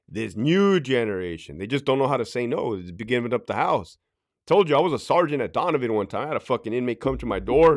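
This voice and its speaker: Blunt, swearing middle-aged man. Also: on the high side. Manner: blunt, profane storytelling with acted-out quotes. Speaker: podcast host, former correctional officer. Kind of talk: casual podcast talk.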